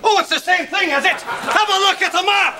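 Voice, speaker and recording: A man's voice: extremely high pitch, very animated, moderate pace, a crowd in the background, noisy background, exaggerated voice. A man playing a raging Scottish shop dad. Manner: blustering, shouts threats then gushes affection. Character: hot-tempered Scottish shop-owner dad, older. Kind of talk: sketch comedy acting.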